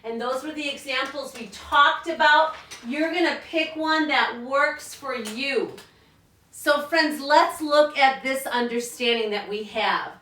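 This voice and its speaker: A woman's voice: high-pitched, slow pace, bright, forceful tone. A woman teacher giving a recorded math lesson to children at home, upbeat and encouraging, calling them friends. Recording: echoey room, mic at a distance.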